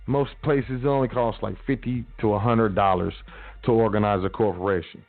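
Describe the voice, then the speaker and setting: His voice sits on the low side, with fairly even intonation and a normal speed, as he hosts a radio show of casual, slangy big-brother motivation and acts out small quotes. There's no room sound, though the audio is tinny like a phone line.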